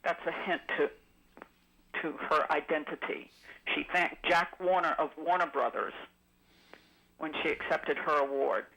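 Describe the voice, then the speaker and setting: A woman's voice: low-pitched, steady tone, a little slow, gravelly, pauses often, fairly bright tone, rough recording. A woman calling in to a radio show, chatting at length about trivia with frequent ums. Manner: chatty, rambling trivia recall with many ums. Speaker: caller. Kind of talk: call-in radio chat.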